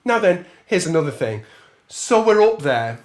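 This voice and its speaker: Chatty trombone teacher scatting. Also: male voice, a little high, sing-song, moderate pace. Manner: chatty, laughs often, scats rhythms while counting. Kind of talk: masterclass talk with sung counting.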